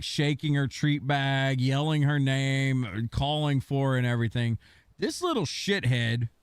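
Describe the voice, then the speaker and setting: Brief: young male streamer, lively pitch, cursing storyteller, faint game music under him. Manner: rambling, profane storytelling. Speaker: gaming streamer. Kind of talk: casual stream chat.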